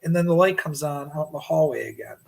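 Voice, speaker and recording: A middle-aged man telling a paranormal story as a podcast guest, lively and animated, acting out his own shouts. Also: fairly high pitch, quick pace, creaky, slight background noise, poor audio.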